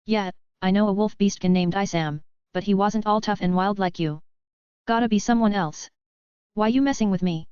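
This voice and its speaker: Female narrator plays a cocky, slang-heavy young receptionist who teases everyone; crisp, dry read. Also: medium pitch, moderate pace, darkish tone, no echo, close to an everyday voice. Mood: teasing. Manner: laid-back street slang, teasing. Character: brash slangy young woman inn receptionist. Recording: dry, slightly dull lo-fi.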